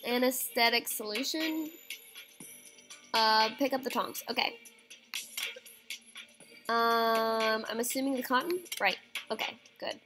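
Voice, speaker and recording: Young female let's-player, unhurried and chatty, light game music underneath. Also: a little high, fairly even intonation, poor audio. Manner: chatty, reads game prompts aloud, squeamish exclamations. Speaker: game streamer. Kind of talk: casual let's-play commentary.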